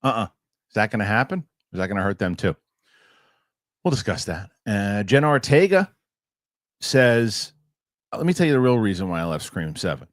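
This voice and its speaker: A man's voice: on the low side, big pitch swings, normal speed, pauses often, no echo, clean studio sound. A man hosting a casual podcast chat, jokey and rambling. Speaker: host. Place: New York studio.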